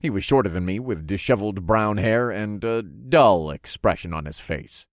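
A man's voice: on the low side, animated, moderate pace, dry recording, clean studio sound. A man narrating a first-person fantasy story in an easygoing, wry manner.

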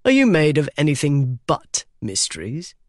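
A swaggering, theatrical ship captain who loves his work, booming orders and teasing playfully in a storybook reading, as a narrator puts him on. The delivery swings widely in pitch, set down in a dry, close space. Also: wildly swooping pitch, normal speed, darkish tone, no echo. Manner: commanding, playful.

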